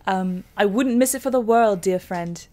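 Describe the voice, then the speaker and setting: A woman's voice: mid-range voice, moderate pace, a little mellow, slight background noise, lightly acted. A woman voicing a genteel adult dad in a prim, put-on posh English accent.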